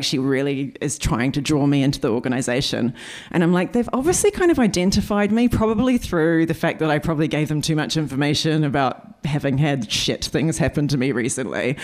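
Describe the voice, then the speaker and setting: Animated woman telling a stand-up story. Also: sits low. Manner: chatty, animated, quotes others in quick asides. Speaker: stand-up comedian. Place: live comedy venue before an audience.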